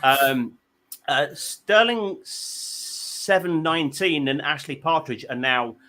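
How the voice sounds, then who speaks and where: A man hosting a comedy panel show, telling stories in an animated, self-mocking way. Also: on the high side, takes it slowly. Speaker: host.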